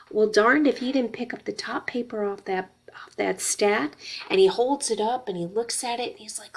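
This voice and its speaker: Gravelly-voiced woman lecturing casually. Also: on the high side, a little fast, darkish tone. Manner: conversational, personal storytelling, tag questions. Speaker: college instructor. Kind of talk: recorded lecture.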